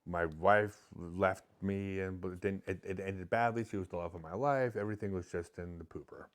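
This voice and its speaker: Man, middle-aged, lowish voice, confessional, emotional, halting restarts. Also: fairly even intonation. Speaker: podcast guest. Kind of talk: candid storytelling in conversation.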